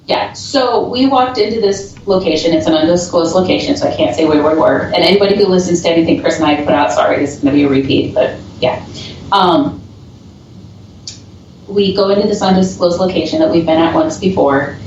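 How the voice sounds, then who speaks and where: A chatty paranormal investigator, this woman speaks fairly quickly in a fairly low, slightly mellow voice, laughing frequently as she tells stories in casual conversation. The call audio sounds dull, distant, and echoey, with faint noise.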